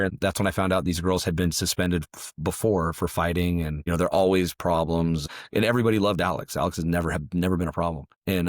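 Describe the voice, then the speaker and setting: A man's voice: sits low, no room sound, studio quality. A man, a martial arts coach and parent, telling a story animatedly on a podcast, often tagging his lines with "right?".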